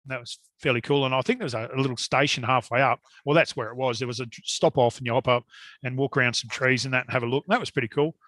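A man's voice: mid-range voice, fairly even intonation, quick pace, a bit bright, no room sound, studio quality. A middle-aged Australian man telling a long story in casual conversation, rambling and laughing often. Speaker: guest hunter.

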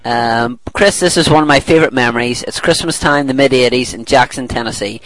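A man's voice: mid-range voice, brisk, a bit bright, no echo, poor audio. A middle-aged man hosting a podcast in casual chat, reading a listener's email aloud and laughing often as he rambles and corrects himself. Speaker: podcast host.

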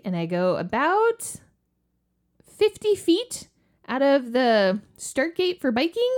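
A podcast co-host, a woman, tells a story casually and with lots of animation. She acts out the quotes, her pitch leaping up and down.

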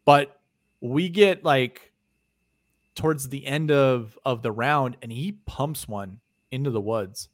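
A man co-hosting a podcast, telling a story in casual chat, animated and swearing freely, often trailing off quietly at the ends of phrases. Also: medium pitch, slow, dry recording, studio quality. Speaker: podcast co-host.

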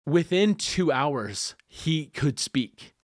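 A man speaking as a podcast guest, telling a personal story in an animated way, laughing often and acting out what people said. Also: fairly high pitch, drawn-out words, no room sound, clean studio sound. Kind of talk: conversational storytelling.

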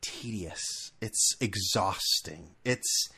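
A man's voice: low-pitched, very slow, sharp tone, breathy edge. A man in his thirties hosting a solo podcast from a room at home, ranting in a profane, sarcastic and heated way, full of restarts. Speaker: podcast host.

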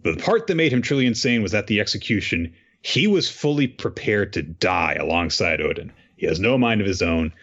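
A man's voice: lowish voice, very animated, a little fast, few pauses, fairly bright tone. A man reading out the lines of a scheming male warlord in a voice close to his own. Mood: calm, scheming. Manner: read-out dialogue in near-normal voice. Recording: dull lo-fi audio.

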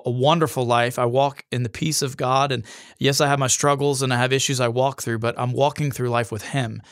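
A man's voice: medium pitch, fairly bright tone, dry recording, clean studio sound. A man, an ordained minister, sharing a personal testimony in an interview, reflective and sincere. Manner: reflective and sincere, with small restarts.

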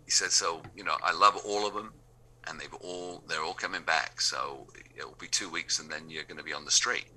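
A man's voice: rumbling low, moderate pace, bright, forceful tone, slight background noise. A man with an English accent, a radio DJ telling anecdotes and acting out the dialogue of the people in them. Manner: acts out remembered dialogue in quoted voices. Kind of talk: anecdotal storytelling.

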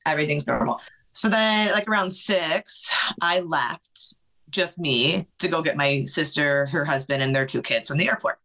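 A woman with a low-pitched yet bright, forceful voice, telling a personal story as a guest in a conversation. She talks in an emotional, fast-flowing stream full of fillers and restarts, pushing on from one moment to the next. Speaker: podcast guest.

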